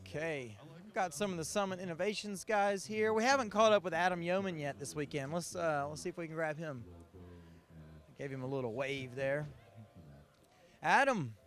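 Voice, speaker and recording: A man's voice: a little high, moderate pace, fairly bright tone. A man hosting a rally show, chatting upbeat with teams at an outdoor car display. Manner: upbeat, chatty, laughs easily. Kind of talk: roving interviews at a fan event.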